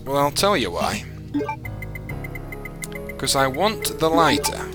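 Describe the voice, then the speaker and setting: A man's voice: mid-range voice, sing-song, slow. A man giving casual, chatty let's-play commentary, exasperated and self-mocking, with game music behind him.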